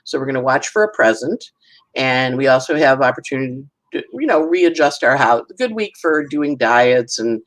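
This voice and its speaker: Animated woman astrologer, playful voices. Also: rumbling low, moderate pace, low-quality recording. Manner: animated, acts out little voices and sounds. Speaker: astrologer guest. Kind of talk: casual conversational forecast.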